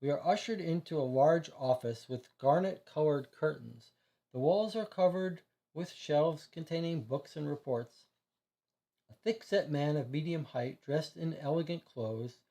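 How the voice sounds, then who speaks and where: Brief: man with a creaky, gravelly voice, hesitant and questioning as he puzzles through a case. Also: a little high, a little slow, warm tone. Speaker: streamer playing a detective board game. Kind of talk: thinking aloud and reading case text.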